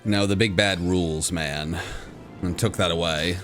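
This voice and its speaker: A young man co-hosting a casual gaming chat, playful and jokey, with excitable reactions. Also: deep voice, a little slow, soft background music. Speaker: co-host of a gaming channel.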